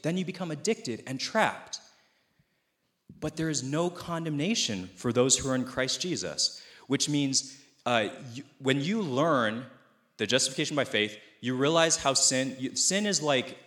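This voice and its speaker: A man's voice: mid-range voice, a bit bright. A man in his thirties, a pastor, giving a conversational, self-deprecating sermon in a church. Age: 30s.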